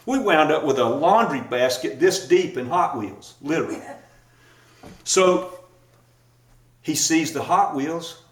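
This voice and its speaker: A man giving a sermon, telling a lively personal story and laughing at himself as he goes. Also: mid-range voice. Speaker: pastor. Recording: echoey room, mic at a distance.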